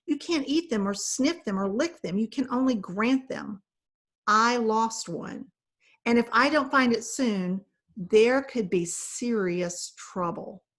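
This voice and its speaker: A woman reading aloud, voicing a brisk, impatient young fairy girl on an important mission. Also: fairly high pitch, expressive, a bit bright, full character voice. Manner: brisk and impatient, quick to snap.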